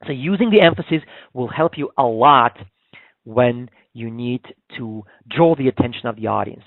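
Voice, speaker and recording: A man's voice: medium pitch, normal speed, dry recording. A man giving a public speaking webinar, talking conversationally with many fillers and restarts. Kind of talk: webinar presentation. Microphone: webinar call microphone. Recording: dry, phone-like webinar audio.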